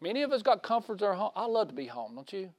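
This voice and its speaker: High-voiced folksy man preaching. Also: very animated, fast talker, no echo. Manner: folksy, asks the listeners questions, swings from loud to hushed. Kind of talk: conversational sermon.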